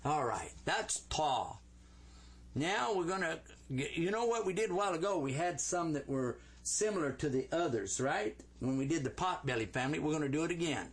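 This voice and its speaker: A man teaching Arabic letters to a class, sounding out each letter slowly and playfully. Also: on the high side, husky.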